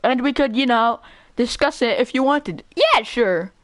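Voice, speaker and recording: A woman streaming a game with casual commentary. She is excitable, swears freely and laughs often. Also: a little high, unhurried, no echo.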